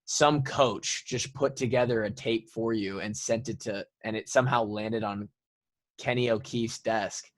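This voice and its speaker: Excitable male podcast host. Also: on the low side, unhurried, no room sound. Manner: excitable, reacting with exclamations. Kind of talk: casual interview chat.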